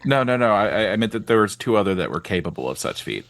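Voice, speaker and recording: Sarcastic man with lively voice. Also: on the low side, fast, gravelly, dry recording. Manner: sarcastic, teasing. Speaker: player. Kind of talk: playing a tabletop role-play game.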